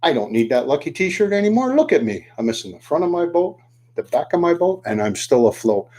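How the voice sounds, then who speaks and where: A man voicing a boastful, superstitious male sea captain who talks with excitement. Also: on the high side, a little fast, husky, voice pushed up. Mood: dismissive. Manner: excited, exclaiming.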